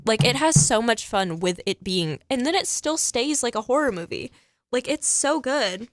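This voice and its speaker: A woman's voice: fairly high pitch, lively intonation, normal speed, dry recording. A teenage girl chatting casually about a movie she loved, laughing often and saying "like" constantly.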